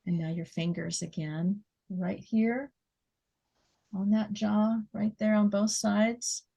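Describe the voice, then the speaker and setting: A woman leading a guided muscle relaxation exercise, giving gentle step-by-step instructions and counting down. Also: medium pitch, fairly even intonation, creaky, husky. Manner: slow, soothing instructions with soft laughs.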